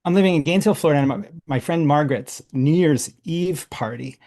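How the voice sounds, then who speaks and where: A man hosting a workshop, telling a casual, animated story full of restarts and laughs. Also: a little high, fast talker. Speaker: workshop host.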